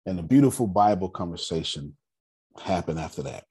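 A husky-voiced man addresses a group, talking bluntly and joking as he teaches. His low voice swings widely in pitch while he tells his story, and he hammers his points home by repeating them. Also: animated, fairly quick, warm tone. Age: 30s. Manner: emphatic, repeats key phrases, blunt and joking. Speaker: meeting leader teaching personal finance. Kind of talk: animated storytelling talk to a group.

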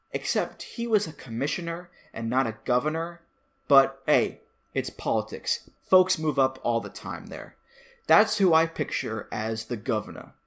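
A man's voice: mid-range voice, a bit bright. A man hosting a solo podcast, talking casually with playful, jokey asides. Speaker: podcast host.

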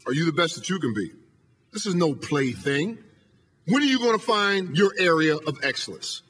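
Man giving a podium motivational talk, high and bright, emphatic, rhetorical. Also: big pitch swings, normal speed, slightly rough. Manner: emphatic, hammering rhetorical questions. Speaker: motivational speaker and professor. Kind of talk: motivational speech. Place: lecture hall podium.

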